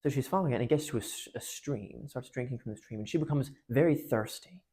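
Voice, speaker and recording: A man's voice: medium pitch, fast talker, dark tone, husky. A man at a parish retelling a novel and reading from it aloud, in a chatty, joking way. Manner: chatty, jokey, many fillers. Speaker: parish speaker.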